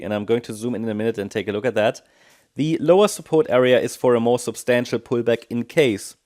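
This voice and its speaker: A man presenting a technical analysis of market charts, thinking aloud and often pausing with ums and restarts. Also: on the low side, darkish tone.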